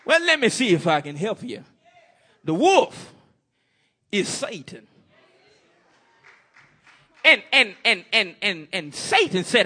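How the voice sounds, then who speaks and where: A man's voice: high voice, very animated, slow pace, pauses often, sharp tone, slightly rough. A man preaching a folksy sermon, telling a story and calling out amen.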